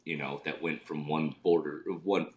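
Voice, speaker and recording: A man's voice: extremely low pitch, level tone, moderate pace, a little hiss or hum. A man in casual podcast chat, rambling and filling his sentences with "like". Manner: rambling, heavy use of "like". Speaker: podcast co-host.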